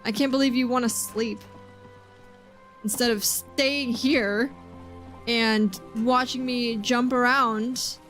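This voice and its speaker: Young woman, high voice, game streamer; giggly, rambling chatter with her chat, faint music behind. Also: steady tone, slow, long pauses, fairly bright tone. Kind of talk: live gameplay stream chat.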